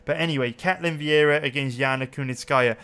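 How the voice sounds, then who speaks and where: A man's voice: fairly high pitch, a little fast, a bit bright, smooth. Brash, profane young man breaking down bets. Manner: brash, profane and emphatic, addressing viewers as boys. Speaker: betting channel host. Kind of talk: casual betting breakdown.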